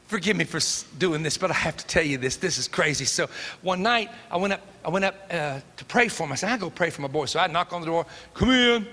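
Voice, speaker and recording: Middle-aged Tennessee preacher, high bright voice, emphatic storytelling sermon in a reverberant sanctuary. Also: male voice, expressive, fairly quick. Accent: Tennessee Southern. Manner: folksy and emphatic, acts out dialogue. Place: church sanctuary. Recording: long hall reverb.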